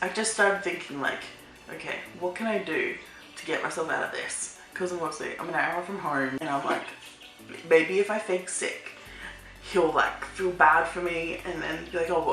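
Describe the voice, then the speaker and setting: A young woman tells a casual storytime to her vlog audience in an exasperated, animated way, laughing often. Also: on the low side. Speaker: vlogger. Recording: echoey room, voice somewhat off-mic, faint music.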